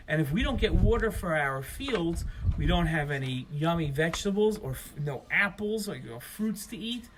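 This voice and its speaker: A man with a high, bright speaking voice tells a children's story, stretching key words and slowing down to explain things simply. He sounds middle-aged, speaking outdoors with faint ambient noise behind him. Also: lively intonation. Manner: emphatic, slowed-down explaining for children. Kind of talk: telling a story to young kids. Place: outdoors at his home.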